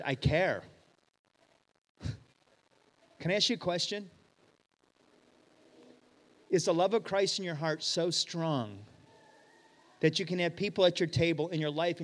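Middle-aged man, pastor preaching in a church hall, lively storyteller who acts out the voices, slight hall reverb. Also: a little high. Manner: animated storyteller, acts out dialogue, swings loud and hushed. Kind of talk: sermon with storytelling.

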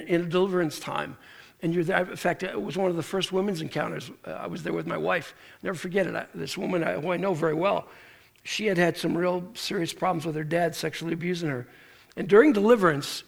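High-voiced man with a gravelly edge preaching. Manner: animated storytelling with acted quotes and restarts. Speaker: pastor. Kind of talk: sermon.

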